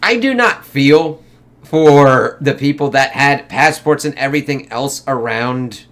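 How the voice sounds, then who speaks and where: A man's voice: medium pitch, unhurried, a bit bright. A man talks through a film review in a loose, meandering way, swearing freely. He keeps slipping into brief, exaggerated voices for the characters and fills his talk with "like" and "kind of.". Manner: profane, rambling, acts out quotes in exaggerated voices. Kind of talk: casual spoken movie review.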